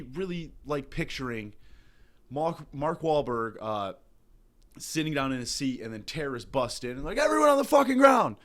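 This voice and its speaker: Profane man in a lively comedy rant. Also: mid-range voice. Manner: loud, profane, mock-outraged ranting with exaggerated impressions. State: hungover. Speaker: comedy podcast host.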